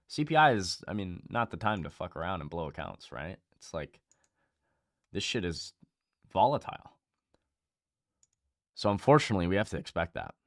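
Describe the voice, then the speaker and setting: A young man hosting a live trading stream, talking casually and bluntly with lots of swearing and repetition, rising in pitch and volume when fired up. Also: no room sound, studio quality. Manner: blunt, profane, repeats himself, gets louder and higher when fired up. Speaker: livestream trading host.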